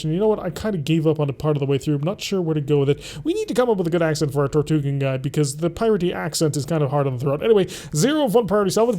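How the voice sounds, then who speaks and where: Mellow man narrating his gameplay. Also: fairly high pitch. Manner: thinking aloud, relaxed and chatty. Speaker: host. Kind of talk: let's play gameplay commentary.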